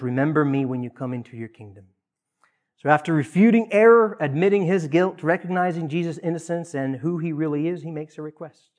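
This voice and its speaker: A man preaching a sermon in an earnest way. He swings between loud emphasis and hushed, quiet asides. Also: a little high. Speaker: pastor.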